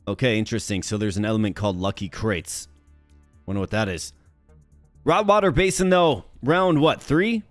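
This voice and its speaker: A Minnesota man who hosts a gaming channel gives chatty, upbeat commentary full of slang as he plays. His voice is mid-range, and there's no room sound at all.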